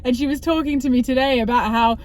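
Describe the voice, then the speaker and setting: A woman's voice: high voice, fairly even intonation, fast talker, darkish tone. A young woman vlogging casually to camera, chatty and rambling with self-correcting asides. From Australia. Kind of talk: casual vlog talk to camera.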